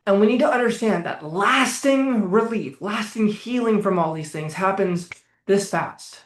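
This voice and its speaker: A man speaking as a coach in a casual, energetic way, swearing freely as he leads listeners through guided exercises. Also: sits high, a little slow, reverberant. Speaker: trauma coach.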